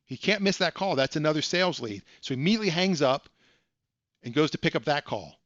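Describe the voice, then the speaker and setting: A fast-talking man with a slightly high, animated, somewhat bright voice hosts a live stream from his home computer. He tells a casual story with chatty, self-deprecating asides; there's no echo, but the high frequencies are cut off.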